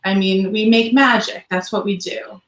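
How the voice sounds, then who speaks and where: A woman guest chatting casually, humble and loose with fillers. Her voice has an ordinary middle pitch. The room around her rings with echo. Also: fairly even intonation, moderate pace. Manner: chatty, self-deprecating, many fillers. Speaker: guest singer. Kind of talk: casual interview chat. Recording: echoey room.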